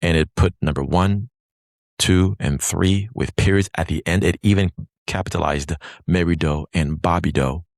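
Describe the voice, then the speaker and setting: A man who works as a lawyer and mediator, walking step by step through dictation software and reading sample text aloud. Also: low voice, moderate pace, no room sound, clean studio sound. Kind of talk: screen-recorded software demo.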